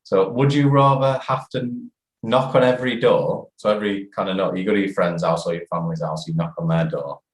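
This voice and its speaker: Host in casual chat: man, very low voice, quick laughs, echoey room. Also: fairly even intonation. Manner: laughs easily, asks questions. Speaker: podcast host.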